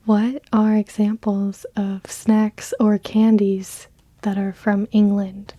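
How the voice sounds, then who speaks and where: An American woman hosting a soft-spoken interview, asking gentle, half-whispered questions. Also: medium pitch, flat delivery, slow pace, dry recording. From United States. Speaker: interviewer, ASMR host.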